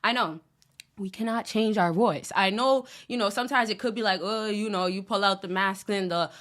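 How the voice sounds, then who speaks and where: A woman's voice: mid-range voice, brisk, fairly bright tone. A young woman vlogging dating advice in a casual, direct way, talking straight to the men watching. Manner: chatty, direct, addresses viewers as fellas and y'all.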